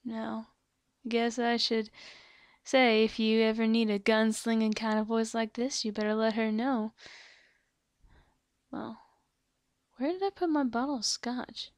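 Woman putting on a gruff gunslinger gal, drawling threats, dry close mic. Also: a little high, steady tone, measured pace, long pauses, no echo. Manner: drawling, threatening, loud bursts when shouting. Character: tough gunslinging cowgirl, hard-drinking and threatening.

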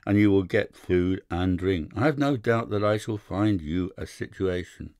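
A man voicing an anxious older country gentleman in an audiobook, measured and formal. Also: low voice, no echo, clean studio sound, lightly acted. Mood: uneasy. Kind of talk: audiobook character voice.

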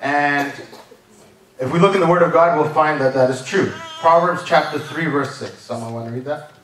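His voice is a little high and a bit bright, at normal speed. He's delivering a chatty sermon during a church service, often asking "right?" and "amen?", heard from a distance in a large room full of echo.

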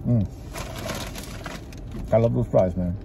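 Slow and gravelly, this man's voice sits on the low side, captured in a muffled recording with background noise. He's a Texas-drawling food vlogger talking between bites in a parked car with the engine on, rambling in a chatty, casual way.

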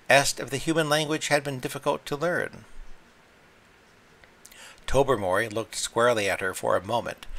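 Gravelly male storyteller. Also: on the low side, bright, forceful tone. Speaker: audiobook reader. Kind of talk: scripted story narration.

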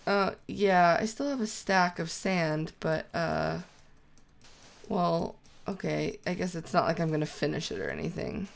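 A woman chatting casually while playing a video game with a friend, animated and prone to shrieks when startled. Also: lowish voice, measured pace, gravelly. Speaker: co-host of a gaming let's play. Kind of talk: casual gameplay chat.

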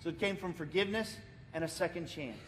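High-voiced American pastor preaching. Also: male voice, quick pace. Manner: frequent repeated words and restarts; lively storytelling, acting out the people in it. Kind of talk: sermon. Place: church sanctuary. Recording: reverberant church hall, faint rumble.

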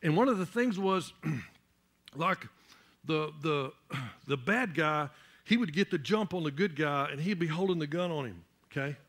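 A man delivers a church sermon in a high, sharp, forceful voice. He builds steadily to loud, emphatic peaks and often repeats a word while reaching for the next. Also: animated, unhurried. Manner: repeats words while searching for the next one. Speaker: pastor.

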